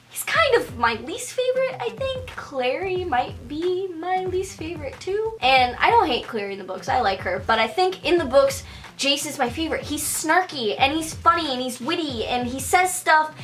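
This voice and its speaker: High-voiced chatty woman vlogger. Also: fairly bright tone. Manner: chatty and opinionated, with lots of fillers. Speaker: TV and book reviewer. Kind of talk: casual review vlog.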